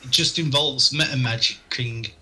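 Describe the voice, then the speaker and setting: A man playing in a tabletop game, playful and quick to object. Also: mid-range voice, sharp tone, slight background noise, low-quality recording.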